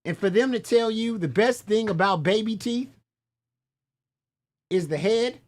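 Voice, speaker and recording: A man's voice: high-pitched, unhurried. A man commentating on a stream, reacting to clips with scornful, profane disbelief.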